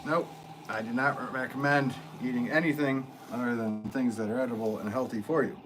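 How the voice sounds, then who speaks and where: A man's voice: medium pitch, steady tone, brisk, background noise. A man, a potter, chatting casually and playfully with his livestream chat while he works. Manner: playful, joking, answers chat. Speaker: potter streaming live.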